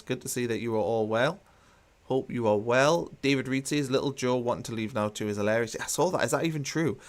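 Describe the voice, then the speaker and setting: A man hosting a football watchalong, chatting casually with many fillers and restarts while he reads out live comments. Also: mid-range voice.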